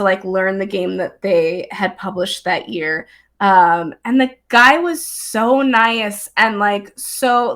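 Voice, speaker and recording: A young woman chatting casually as a guest, bubbly and excitable, with many fillers and frequent laughs. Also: medium pitch. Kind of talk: casual chat. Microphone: streamed live remote talk.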